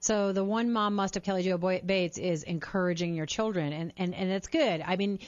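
A woman's voice: fairly low pitch, a little fast, no echo. Woman podcast host, earnest, stumbles over repeated words, a little lo-fi. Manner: warm-hearted, earnest, repeats words when excited. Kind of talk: upbeat interview and appeal to listeners. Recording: slightly dull lo-fi sound.

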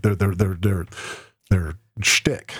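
A man's voice: low voice, fairly even intonation, takes it slowly, a bit bright, husky, no echo, clean studio sound. A man on a podcast panel, joking and riffing in casual chat. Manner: joking, riffs on others.

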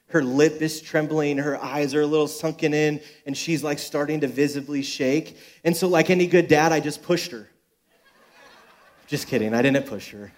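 A man's voice: on the high side, fairly even intonation, normal speed. A young adult man, a pastor, giving a sermon at a church service with joking, self-deprecating personal stories.

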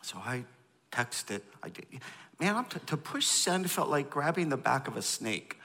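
Man, 50s, pastor, sermon storytelling, gravelly, long reverb in a church hall. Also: medium pitch, normal speed. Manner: candid, animated storytelling, acts out dialogue.

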